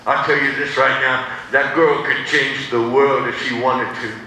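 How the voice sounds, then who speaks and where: A man's voice: medium pitch, a little slow. A man pastor telling a first-person story in a sermon, acting out the voices as he goes. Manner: animated, acts out the voices in his story. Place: church sanctuary. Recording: echoey sanctuary, distant mic, faint noise.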